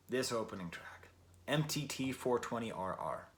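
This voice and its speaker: An American man talks through an album review in a loose, chatty way, circling back to fix his phrasing and dropping dry jokes along the way. His voice sits at an ordinary, mid-range pitch for a man. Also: big pitch swings, moderate pace. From Western New York, USA. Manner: rambling and chatty, with frequent self-corrections and wry asides. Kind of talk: casual spoken album review.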